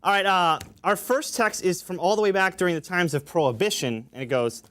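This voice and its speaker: High-voiced young man hosting a comedy show. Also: fairly quick. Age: young adult. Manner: joking, reads gag texts with fillers. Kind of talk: stand-up style show hosting. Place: college studio with audience.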